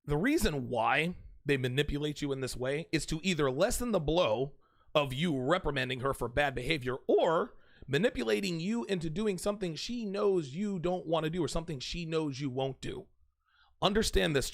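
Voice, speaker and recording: A podcast host with a somewhat high voice delivers a direct-to-camera advice monologue, lecturing his audience. He's emphatic, forceful, animated and brisk, driving each point home by saying it twice.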